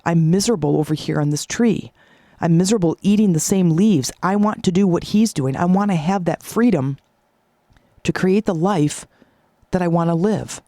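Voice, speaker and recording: A woman's voice: on the low side, normal speed, warm tone, no echo, studio quality, close to an everyday voice. A woman voicing a discontented young male caterpillar who talks casually and whines about his life. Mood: determined. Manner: casual, whiny, says dude.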